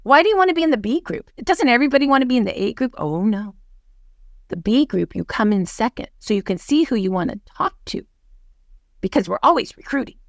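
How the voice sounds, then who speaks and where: Bright-voiced woman coaching on a video call. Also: fairly high pitch, brisk, creaky, no room sound, clean studio sound. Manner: lively storyteller who acts out dialogue. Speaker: guest speaker, team leader. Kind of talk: webinar coaching talk. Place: home office on a video call. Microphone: video call microphone.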